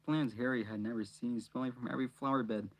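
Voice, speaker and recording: A chatty young man reads a storybook aloud with an easygoing touch. He stops often to joke with his viewers. His voice sits at an ordinary middle pitch for a man. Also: steady tone, fast talker. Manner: chatty, jokey asides to viewers. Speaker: reader and channel host. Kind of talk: casual storybook read-aloud.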